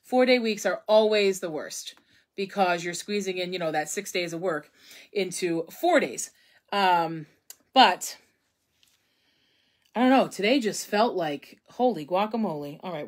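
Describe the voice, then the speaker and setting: A woman's voice: mid-range voice, a little slow. A young woman hosting a casual painting tutorial, chatting and thinking aloud as she works, often poking fun at her own mistakes. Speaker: craft instructor.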